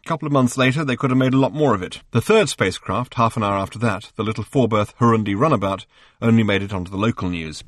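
A man reading an audiobook, narrating in an even, wry storytelling manner. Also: fairly low pitch, quick pace, dry recording, studio quality. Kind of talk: scripted narration.

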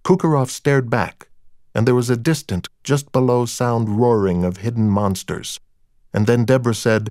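A man reads a first-person crime novel aloud in a dry, wry storytelling manner. His pitch sits in the middle range. The recording is close and dry with no room sound. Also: normal speed, a little mellow, dry recording. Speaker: narrator. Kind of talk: audiobook narration of a crime novel.

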